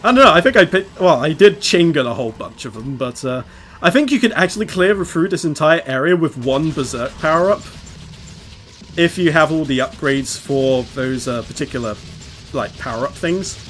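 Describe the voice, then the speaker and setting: A fairly high-voiced man talking through a video game as he plays. He rambles on, explains what he is doing, and laughs easily, in relaxed, chatty commentary. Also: moderate pace, faint music behind. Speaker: let's play host playing the game. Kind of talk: casual gameplay commentary.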